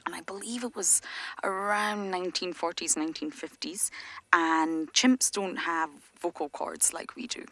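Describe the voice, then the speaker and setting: A woman presenting a live wildlife show, telling stories in a relaxed, conversational way that turns soft and breathy at times. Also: low voice.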